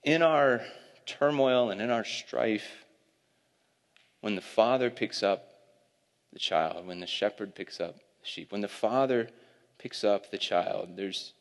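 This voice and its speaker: A young adult man preaching a sermon, telling a lively family story and laughing at it. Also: lowish voice, slow pace, long pauses. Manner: storytelling, animated, laughing at his own stories. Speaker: pastor. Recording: long hall reverb.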